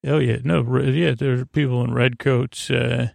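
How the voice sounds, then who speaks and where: A man hosting a sleep podcast, recapping an episode in a halting, rambling way with many fillers and restarts. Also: mid-range voice, steady tone, vocal fry, darkish tone, dry recording. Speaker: podcast host.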